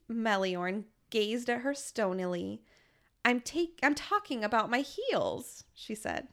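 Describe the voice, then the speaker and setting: A woman's voice: medium pitch, lively intonation, measured pace, gravelly. A woman in her thirties hosting a casual podcast chat, recapping a book in a playful way with frequent laughter. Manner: laughs often, playful and chatty.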